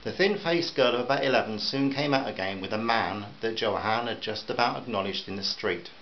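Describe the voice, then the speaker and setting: A man reading a short story aloud in a measured, even storytelling manner. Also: on the low side, lo-fi sound, slight background noise. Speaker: narrator. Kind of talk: scripted narration.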